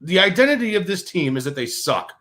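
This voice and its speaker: A man's voice: sits high, sing-song, a little fast, bright, forceful tone. A man hosting a sports talk show, ranting with profanity and many restarts. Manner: fired-up, profane, repetitive restarts. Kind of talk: heated sports radio rant.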